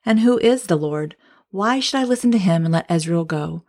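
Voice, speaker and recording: A woman reading the lines of a haughty, scornful male king, in her own low, mellow voice with little change. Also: animated, moderate pace. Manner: dismissive, scolding.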